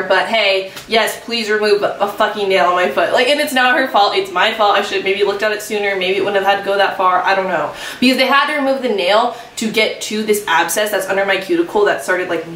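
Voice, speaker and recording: A woman's voice: mid-range voice, a bit bright, reverberant, far from the mic. Woman, 20s, vlogger doing a chatty storytime, fillers everywhere, faint room hum behind. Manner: rambling, filler-heavy, self-mocking. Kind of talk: casual storytime.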